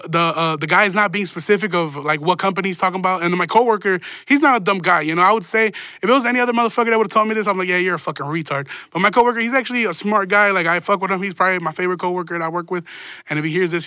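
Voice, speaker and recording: A man's voice: high voice, racing, sharp tone, dry recording. A man telling a rambling, profane story in a casual monologue, with laughing asides.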